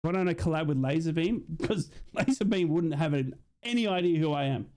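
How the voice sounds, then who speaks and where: An Australian man streaming a football watch-along, chatting with viewers in a rambling, excitable way and often asking "you know what I mean?". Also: on the high side, a little fast. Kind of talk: live commentary chat with viewers.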